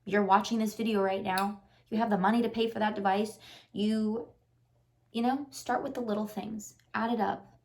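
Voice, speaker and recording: Speaking at normal speed with a medium pitch and fairly even intonation, this woman, a lifestyle vlogger and life coach, gives the camera a relaxed but sincere pep talk. She repeats her encouragement often and fills it with "like."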